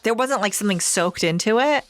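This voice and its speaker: A woman's voice: mid-range voice, expressive, brisk, no echo. A woman co-hosting a comedy podcast, teasing and tossing out playful questions in casual chat. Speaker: podcast co-host.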